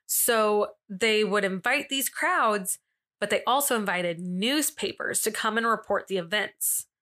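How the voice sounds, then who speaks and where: A woman's voice: mid-range voice, unhurried, pushed and bright. A young woman hosting a casual storytelling podcast, chatty and full of fillers and asides. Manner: chatty, filler-heavy, with frequent asides and laughs. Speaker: podcast host.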